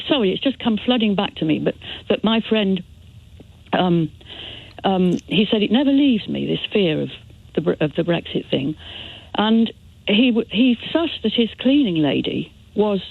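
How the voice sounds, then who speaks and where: A woman's voice: medium pitch, animated, normal speed, creaky, breathy edge, no room sound. A woman calling a radio show, telling rambling anecdotes. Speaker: caller. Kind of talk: phone-in call chat. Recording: tinny phone line.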